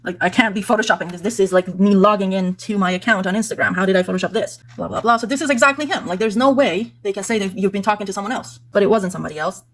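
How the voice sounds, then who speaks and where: A woman's voice: medium pitch, very fast, few pauses. A woman vlogger walking through screenshots in casual, exasperated talk, peppered with "like" and "blah, blah". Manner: indignant, exasperated; conversational, with fillers like "like" and "blah, blah".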